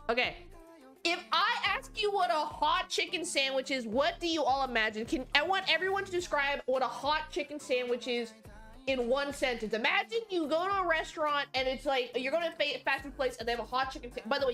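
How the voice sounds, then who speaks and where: A young woman with a high voice rambles to her live-stream chat in a loose, animated way, cursing freely and tripping over her own sentences. Faint music plays quietly behind her. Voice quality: chatty, animated, swears freely. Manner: talks to chat, frequent fillers and restarts.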